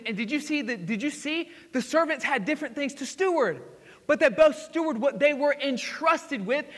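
High, bright-voiced excitable male pastor. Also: moderate pace. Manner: excitable, swings between loud exclamations and hushed asides. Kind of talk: sermon. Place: church sanctuary. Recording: hall reverb.

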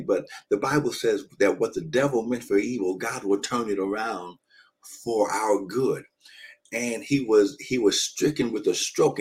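Low husky-voiced man preaching emphatically. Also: rough recording. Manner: emphatic, repeats phrases, calls out to listeners. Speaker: pastor. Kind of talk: live-streamed preaching. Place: shared hotel room at a conference. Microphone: phone or laptop on a video call.

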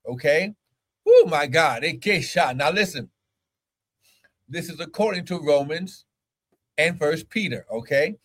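A man preaches to his own camera, his voice sitting a little high for a man. He hammers the same phrases again and again and keeps calling out to his listeners as he goes. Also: lively intonation, normal speed, a bit bright. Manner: fervent, repeats phrases, calls out to listeners. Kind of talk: sermon.

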